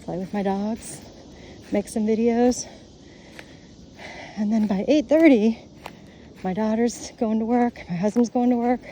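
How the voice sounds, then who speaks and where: Middle-aged woman, blunt and foul-mouthed, ranting to her phone on a walk; dark mellow voice, slightly high, faint outdoor noise. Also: a little slow, long pauses. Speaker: vlogger. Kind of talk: casual monologue while walking outdoors.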